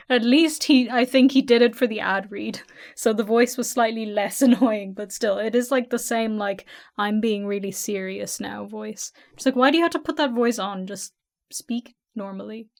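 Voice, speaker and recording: A woman's voice: a little high, moderate pace. A woman co-hosting a casual podcast, chatting bluntly and laughing often. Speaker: podcast co-host.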